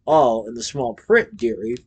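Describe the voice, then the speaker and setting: Sly, grasping landlady, put on by a male reader; low, wheedling, storybook. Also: lively intonation, unhurried, husky. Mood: greedy, sly. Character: greedy scheming landlady, older woman.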